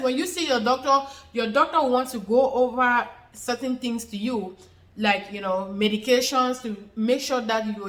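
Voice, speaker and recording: A woman's voice: on the high side, a bit bright, echoey room. A woman giving an unscripted explainer on a health topic, repeating her points and using many fillers. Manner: repetitive, circles back to points, many fillers. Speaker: health educator. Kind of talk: unscripted explainer talk to camera.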